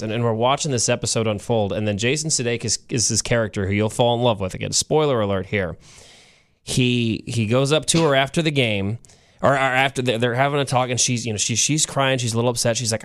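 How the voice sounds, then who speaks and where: A man's voice: mid-range voice, brisk. Man co-host telling a story. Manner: storytelling, animated retelling. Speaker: radio show co-host. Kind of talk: casual chat.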